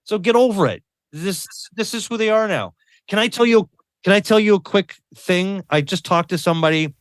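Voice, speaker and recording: A man's voice: high voice, lively intonation, normal speed, dry recording, studio quality. A man as a podcast guest talking earnestly in a casual conversation, often repeating words and adding tag questions.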